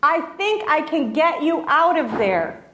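A woman voicing a gentle, noble male ibex who is wise and compassionate, in a soft, kindly storytelling voice. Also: sits high, sing-song, a little slow, a little hiss or hum, heavily acted. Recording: roomy echo.

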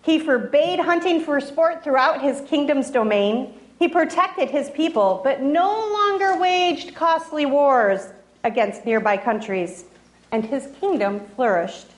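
A woman telling a fable in a gentle storytelling manner, with restarts and asides. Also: high-pitched, lively intonation, measured pace. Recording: roomy echo.

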